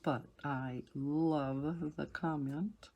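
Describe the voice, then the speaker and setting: Slow, soothing low-voiced woman. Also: fairly even intonation, muffled recording. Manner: rambling and chatty, with soft laughs. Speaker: coloring channel host. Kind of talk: casual chat while coloring.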